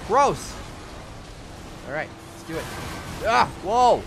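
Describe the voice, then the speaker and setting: A young man with a high, springy voice gives goofy commentary over a video game, yelling and laughing as he plays. His pitch leaps all over the place. Loud game music and engine noise play behind him. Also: sing-song, slow pace, gravelly. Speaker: gaming channel host. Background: video game music and vehicle sounds.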